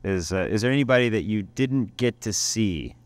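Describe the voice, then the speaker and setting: A man with a lowish voice interviews his guests, asking brief questions and giving short reactions. The recording is dry, with no room echo. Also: animated, moderate pace.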